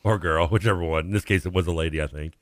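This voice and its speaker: A man's voice: deep voice, rapid-fire, dry recording, studio quality. A man co-hosting a radio sports talk show, telling a long funny story in casual chat, acting out the voices he quotes and laughing often. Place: radio studio. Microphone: studio microphone.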